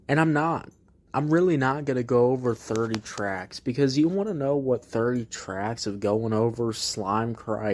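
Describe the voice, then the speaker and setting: A man's voice: mid-range voice, a little mellow. A man hosting a casual album review, ranting bluntly and profanely with exasperation. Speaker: music reviewer host.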